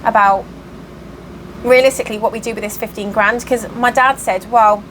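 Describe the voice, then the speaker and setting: A woman's voice: fairly high pitch, fairly even intonation, moderate pace, fairly bright tone, a little hiss or hum, low-quality recording. Worked-up woman venting. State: tired. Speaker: cross stitch vlogger. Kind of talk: casual chatty vlog update.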